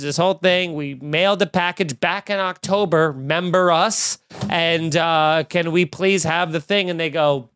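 Male storyteller, casual and profane, slightly high pitch, close dry sound. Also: normal speed, clear, resonant tone, no room sound. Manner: animated, swearing, acts out both sides of phone calls.

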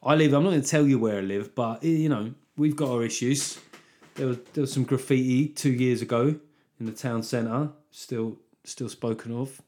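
A man's voice: mid-range voice, moderate pace, a little mellow. A man hosting his own podcast as a comedian, talking in a rambling, sweary, self-deprecating way. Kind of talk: solo podcast monologue.

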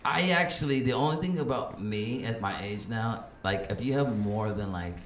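A man's voice: on the low side, normal speed, fairly bright tone. A man in his forties co-hosting a podcast in casual, profane chat, acting out the voices of people he quotes. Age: 40s. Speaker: podcast co-host. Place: live venue. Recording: echoey room with faint noise.

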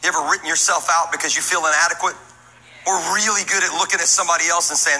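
A man, a pastor, preaching a humorous, energetic sermon full of stories, sometimes shouting. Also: on the high side, fast talker, slight background noise. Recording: echoey hall with music.

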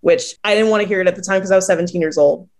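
A woman's voice: lowish voice, steady tone, rapid-fire, darkish tone. Woman poet from new jersey in an interview, chatty, laughs a lot, does little voices for people she quotes. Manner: chatty storyteller who laughs often and acts out quoted voices. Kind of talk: casual interview conversation.

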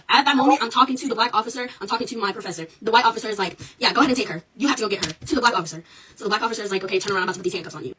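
Brief: young woman vlogging a story, rapid and fired up, a bit off-mic, faint hiss. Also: medium pitch, distant mic, low-quality recording. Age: young adult. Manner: animated, indignant, swears freely. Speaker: college student. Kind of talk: storytime vlog to phone camera.

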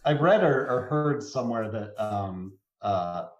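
A man's voice: mid-range voice, lively intonation, measured pace, reverberant, highs cut off, a little hiss or hum. A man co-hosting a casual podcast, talking hesitantly and restarting his sentences. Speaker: podcast co-host.

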